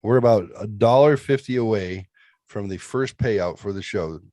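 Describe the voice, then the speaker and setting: Low-voiced rambling man hosting a show. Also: normal speed, dark tone, dry recording. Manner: rambling, joking, crude. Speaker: podcast host. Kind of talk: casual chat.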